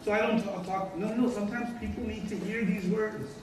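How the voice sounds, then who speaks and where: A man with a high voice delivers a religious lecture, stressing his points by repeating them and slipping into short acted-out exchanges. He sounds far from the mic, in a very echoey room with a faint hiss behind him. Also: steady tone, fairly quick. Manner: emphatic, repeats key lines, acts out everyday dialogues. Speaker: Islamic teacher.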